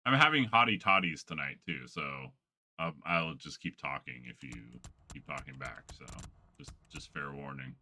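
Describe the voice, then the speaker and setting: Deep-voiced swearing gamer man. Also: animated, normal speed, bright, forceful tone, slight background noise. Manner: rambling, profane, laughs often. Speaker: gaming streamer. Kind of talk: casual chat while gaming.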